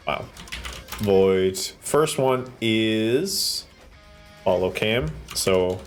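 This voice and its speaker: Guy live streaming at his desk mic, rambly and jokey, pitch all over the place, quiet music behind. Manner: rambling and jokey, with sudden swearing outbursts. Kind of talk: casual live-stream chat while coding. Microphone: desk microphone close in front.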